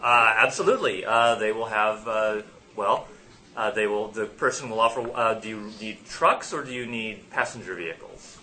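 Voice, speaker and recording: A man's voice: on the low side, normal speed, pushed and bright, slight background noise. A man running a tabletop game as game master, improvising the scene and laughing between lines.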